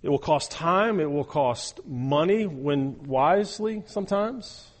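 Earnest pastor preaching in a reverberant hall. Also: male voice, a little high, animated, slow pace. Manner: earnest, repeats words when starting sentences, frequent okay and all right. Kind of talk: sermon.

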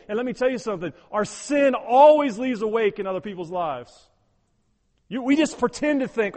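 A male pastor preaching in a church hall, his voice set high for a man. He stresses his points hard, doubles up words, and drops to a hushed, prayerful tone between loud urging passages. The sound carries a long hall reverb. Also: animated, normal speed. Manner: emphatic, repeats words, swings from loud urging to quiet prayerful tones. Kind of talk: sermon.

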